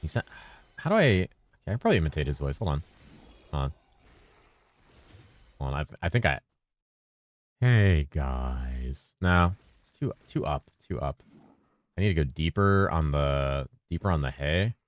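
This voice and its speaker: A man streaming games, chatting loosely with his viewers in a deep, bassy voice. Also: big pitch swings, brisk, pauses often, no room sound. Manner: rambling and loose, with bursts of laughter. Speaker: game streamer. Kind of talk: casual livestream chat answering viewers. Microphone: streaming mic through a mixer.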